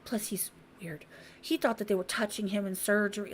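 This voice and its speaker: Her mid-range voice runs a little fast, with a bit of hiss or hum in the recording. Hosting a casual podcast, she animatedly tells a story bluntly and profanely, acting out each person's voice.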